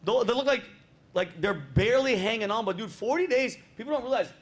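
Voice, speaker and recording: A man's voice: very high voice, a little fast. A middle-aged man hosting a podcast, telling stories casually and swearing freely. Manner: profane, animated storyteller. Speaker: podcast host. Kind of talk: casual chat.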